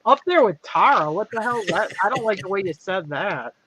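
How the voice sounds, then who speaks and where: A woman in her forties jokes wryly in a casual chat. Her pitch is lively and moves a lot. Faint noise sits behind her voice. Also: brisk, rough recording. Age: 40s.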